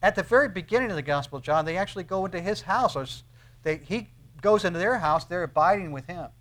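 A man preaching a sermon on scripture, emphatic, slowing to stress phrases, repeating key words and dropping suddenly to a low, soft voice. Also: expressive.

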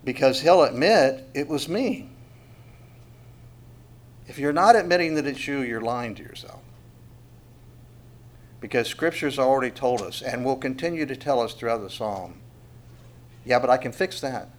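A man's voice: mid-range voice, animated, moderate pace, pauses often. A middle-aged man teaching a Bible passage verse by verse, talking conversationally, asking rhetorical questions and leaning hard on key words. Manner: conversational, asks rhetorical questions, dynamic emphasis.

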